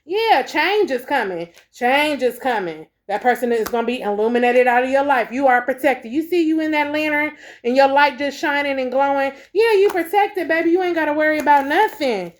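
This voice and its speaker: A woman's voice: high voice, brisk, few pauses. Woman tarot reader, swears freely, repeats lines, calls everyone baby. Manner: profane, emphatic, repeats herself; calls listeners baby and collective. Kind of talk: spiritual tarot reading to viewers.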